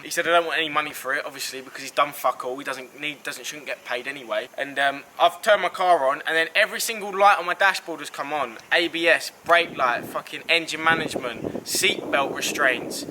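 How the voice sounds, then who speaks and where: A man's voice: on the high side, sharp tone, slight background noise, rough recording. A young man venting to camera as a car vlogger, sweary and exasperated. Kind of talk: angry rant to camera.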